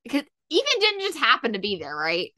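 A woman co-hosting a podcast, chatting casually and gushing excitedly about a TV episode. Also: on the high side, brisk, dry recording. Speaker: podcast co-host. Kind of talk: casual chat recapping a TV episode.

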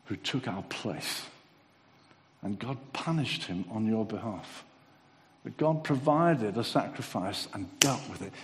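A man preaching a sermon, acting out little dialogues with lively energy and ending in a gentle altar call. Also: medium pitch. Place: church hall. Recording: long hall reverb.

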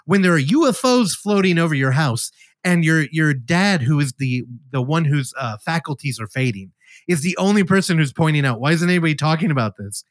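Casting note: male podcast host, casual and rambling, with a lively voice in a dry, close recording. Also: on the high side, normal speed, no room sound. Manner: rambling storyteller, animated retelling. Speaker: podcast host reviewing films. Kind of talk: casual chat.

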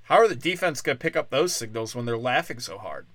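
A drunk man rambling through an unscripted solo podcast rant. He talks crudely, swinging from loud bursts to mumbled asides. His voice sits at an ordinary pitch, close on the mic in a dry, dead room. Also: expressive, quick pace, dry recording. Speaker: podcast host.

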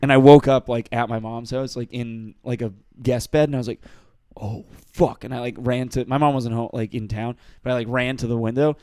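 A man's voice: mid-range voice, brisk, few pauses, clear, resonant tone, dry recording. Boston dude in his 30s, tells drunk stories, swears a lot, real dry close sound. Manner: animated storyteller, acts out quotes, swears freely. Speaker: podcast guest. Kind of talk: casual chat.

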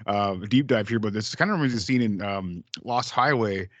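A man's voice: on the low side, brisk, a bit bright, no echo. A man co-hosting a film podcast, telling stories and acting out lines in casual chat. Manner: storytelling, acts out quoted lines. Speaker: podcast co-host. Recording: dull dry lo-fi mic.

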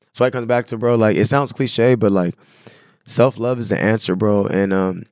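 A man from San Diego, a guest on a podcast, talking in a casual, animated, slangy way. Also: on the low side, normal speed, no echo, studio quality. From San Diego, California. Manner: animated, slangy, says "bro" and "you know what I'm saying" a lot. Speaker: podcast guest, clothing brand owner. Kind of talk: casual conversation.

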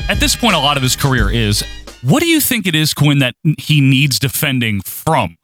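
A man's voice: mid-range voice, very animated, normal speed, over music. A man hosting a casual podcast, talking in an upbeat, announcer-like way. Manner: upbeat, announcer-like sing-song intro. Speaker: podcast host.

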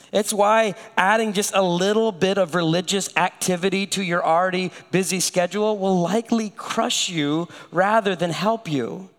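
High-voiced preacher in a reverberant church. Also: male voice. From United States. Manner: conversational, animated storytelling. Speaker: pastor. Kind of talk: sermon.

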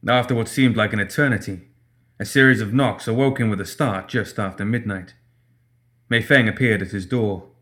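A man narrating a story in a steady, measured reading style. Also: fairly low pitch. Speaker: audiobook narrator.

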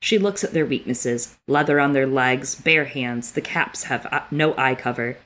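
A woman's voice: rumbling low, normal speed, fairly bright tone. A woman co-hosting a casual book podcast, reading passages aloud and reacting with emotion and frequent swearing. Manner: emotional, swears freely, tearful while reading. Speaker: podcast co-host.

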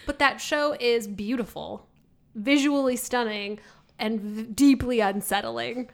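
A woman's voice: on the high side, measured pace, gravelly. A woman from the American Midwest co-hosting a podcast, chatting casually with lots of fillers and laughter. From Midwest United States. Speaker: podcast co-host. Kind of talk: casual chat.

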